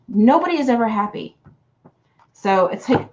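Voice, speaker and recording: A woman's voice: a little high, very animated, unhurried, lo-fi sound, slight background noise. A woman giving casual card readings to viewers on a livestream, chatty and affectionate, calling people hun. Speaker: card reader.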